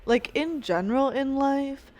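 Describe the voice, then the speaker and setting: A woman's voice: sits high, unhurried, darkish tone, faint music behind. A woman hosting her own podcast, talking in a rambling, chatty way and often restarting her sentences while munching snacks near the mic. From Canada. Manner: rambling, chatty, self-interrupting. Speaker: podcast host. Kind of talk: casual solo podcast monologue.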